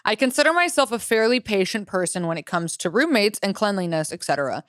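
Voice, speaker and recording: A blunt young woman co-hosts a casual podcast, reading out complaints and swearing freely. Her voice is smooth and clear, with a mid pitch. It is recorded close and dry. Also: lively intonation, fast talker, no room sound. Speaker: podcast co-host. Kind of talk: casual chat.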